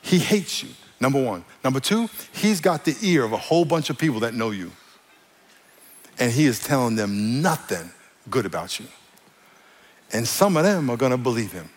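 A man's voice: medium pitch, very animated, moderate pace, in a large hall. Man preaching a playful sermon. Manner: playful, joking with the congregation, acts out quoted voices; addresses the audience directly. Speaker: pastor.

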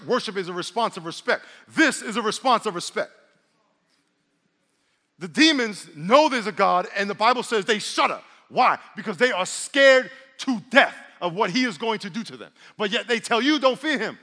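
A man's voice: high voice, lively intonation, moderate pace, sharp tone, long reverb tail. A male pastor preaching a sermon, calling on the congregation to respond and slipping in jokes. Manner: preaching with call-and-response and humor.

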